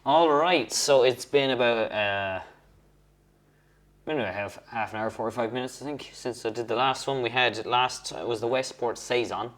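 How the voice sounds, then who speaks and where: Faint music plays behind a young man whose medium-pitched voice is fairly bright and moderately paced. Tasting and rating beers at home for his casual vlog, he rambles and corrects himself along the way.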